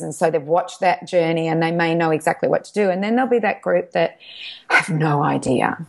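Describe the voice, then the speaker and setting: A woman's voice: lowish voice, creaky, a little mellow. A middle-aged woman, a documentary filmmaker chatting in an interview, telling stories eagerly and restarting her sentences often. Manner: enthusiastic, rambling storytelling with restarts. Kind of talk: casual interview chat.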